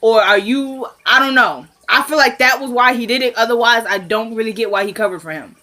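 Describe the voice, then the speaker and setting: A woman's voice: fairly high pitch, a little fast, bright, forceful tone. A woman casually recapping a TV episode, retelling scenes with "he was like" and adding her own side comments.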